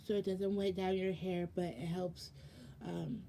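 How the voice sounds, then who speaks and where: A woman's voice: lowish voice, fairly even intonation, measured pace, dark tone, slight background noise. A young woman chatting casually through a product unboxing, rambling with lots of ums and self-corrections, sounding sleepy and yawning. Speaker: vlogger.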